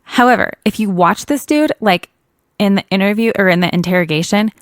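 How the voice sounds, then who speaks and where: A woman's voice: mid-range voice, brisk, no room sound. Woman, podcast co-host, casual true crime chat, dry sound. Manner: chatty, laughs often, self-correcting. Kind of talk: casual chat retelling a case.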